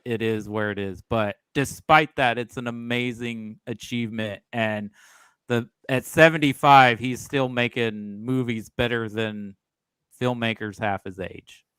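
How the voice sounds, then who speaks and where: A man's voice: medium pitch, fairly even intonation, a little slow, fairly bright tone, clear, resonant tone, dry recording. A man guesting on a casual film podcast, chatty and opinionated as he weighs in.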